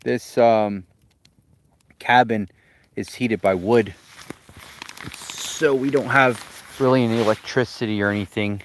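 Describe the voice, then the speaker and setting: A man's voice: fairly low pitch, steady tone, unhurried, pauses often. Easygoing man chatting by a campfire. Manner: easygoing, chatty, talks to his dog and to viewers. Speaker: vlogger. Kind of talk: casual live-stream chat. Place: outdoors by a campfire at a remote cabin.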